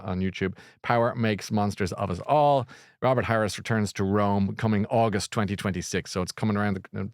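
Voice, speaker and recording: Male host, middle-aged, lowish voice, dry close sound, rambling and jokey. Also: dry recording. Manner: rambling, jokey, animated with fillers and restarts. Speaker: radio book show host. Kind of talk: casual chat.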